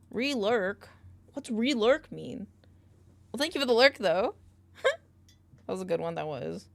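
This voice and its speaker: A woman's voice: mid-range voice, wildly swooping pitch, moderate pace, gravelly, long pauses, no room sound. An American woman streaming and chatting playfully with viewers while she works. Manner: playful, reacting to chat with loud outbursts and laughs. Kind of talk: casual chat with viewers while working. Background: keyboard typing and clicking.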